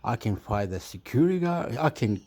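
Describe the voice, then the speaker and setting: A man rambles to camera in a loose, casual monologue at a middle pitch. He meanders from one thought to the next and keeps laughing at himself in a self-mocking way. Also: sing-song, moderate pace, dark tone. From Chile. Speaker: YouTuber.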